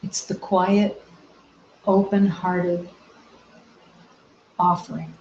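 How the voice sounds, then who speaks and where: A woman spiritual teacher giving a meditative talk, soft-spoken and gentle, with long reflective pauses. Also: fairly low pitch, fairly even intonation, slight background noise. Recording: roomy, slightly dull recording.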